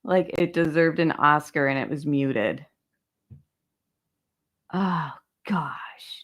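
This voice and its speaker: Woman host for a casual stream, slow and chatty, a little low-pitched, addresses viewers directly. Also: steady tone, vocal fry. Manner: chatty, talks straight to viewers, reads documents aloud. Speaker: true crime channel host. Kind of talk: casual livestream case discussion.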